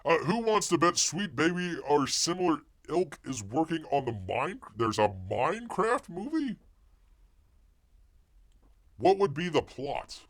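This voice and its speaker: A man's voice: fairly high pitch, sing-song, unhurried. A man hosting a live stream, giving sarcastic commentary with frequent exclamations and calling himself Bear in the third person. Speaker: livestream host.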